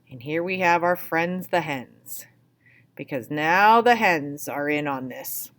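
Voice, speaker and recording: A woman's voice: low-pitched, expressive, a little slow. A woman teacher reading a picture book aloud and patiently explaining words step by step.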